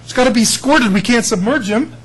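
A man's voice: extremely high pitch, lively intonation, fairly quick, fairly bright tone, breathy edge, pitched above the performer's own voice, heavily acted. A man parodying a flustered male churchgoer who frantically fusses over a last-minute baptism. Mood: frantic. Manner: frantic, mocking.

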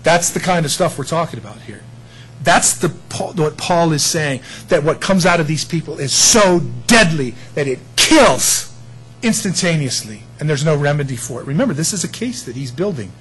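A man preaching a sermon in a conversational way, with audience asides, swinging between quiet remarks and loud emphasis. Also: fairly high pitch, animated, moderate pace, slight background noise, low-quality recording. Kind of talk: sermon teaching.

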